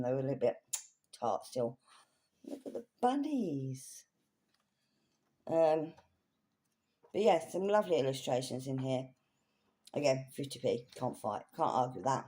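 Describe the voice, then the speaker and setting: A woman's voice: a bass voice, warm tone. A woman chatting casually through a thrift haul in a rambling, self-correcting way. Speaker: craft vlogger.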